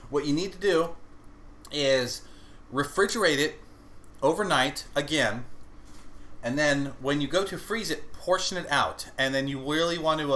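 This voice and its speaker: Young guy cooking on stream, bright lively voice, chats w his viewers, bit of background noise. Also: mid-range voice. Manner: chatty, talks to chat while cooking and eating. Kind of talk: casual cooking livestream chat.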